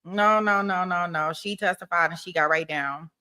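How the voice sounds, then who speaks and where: Woman, livestream host, chatty, laughs a lot, bright forceful voice. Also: lowish voice, moderate pace, clear, resonant tone. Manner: chatty, laughs often, repeats words. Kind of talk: casual live chat reading viewer comments.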